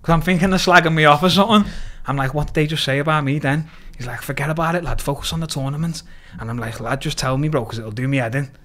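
A man's voice: fairly high pitch, quick pace, few pauses. Scouse man telling a story. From Liverpool, England. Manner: lively retelling with quoted dialogue and frequent swearing. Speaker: podcast guest. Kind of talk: casual storytelling interview.

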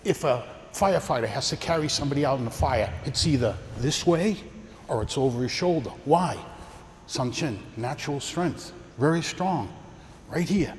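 A man's voice: mid-range voice, animated, moderate pace, slight background noise. An older man teaching a karate seminar, explaining techniques and walking his students through partner drills. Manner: coaching, talks through demonstrations with partners. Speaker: karate instructor. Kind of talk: teaching a martial arts seminar. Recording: echoey hall with long reverb, faint ambience.

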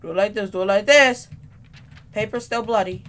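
A woman's voice: medium pitch, normal speed, a bit bright. A woman playing a scary game, jumpy and scared, talking to the game and her viewers. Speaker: gaming streamer. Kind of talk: horror game commentary.

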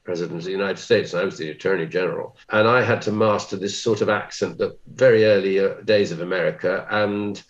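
A man, an actor being interviewed, telling self-deprecating anecdotes with lively quoted asides. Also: deep voice, quick pace, few pauses, highs cut off.

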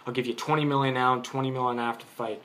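A man's voice: mid-range voice, steady tone, racing, a bit bright. A man giving an unscripted boxing opinion in a vlog, arguing his point, rambling and restarting his sentences. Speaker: boxing commentator.

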